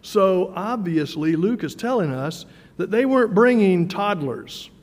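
A man with a high voice preaches a sermon in a relaxed, conversational way, often stumbling over his words and repeating them. He slows down to make a point. His voice rings with a long reverb, as in a church hall. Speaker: pastor.

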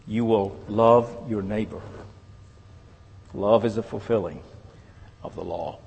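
A man preaching a sermon, earnest and measured, letting his phrases fall away softly at the end. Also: on the low side, creaky, breathy edge. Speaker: pastor. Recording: long reverb of a large hall.

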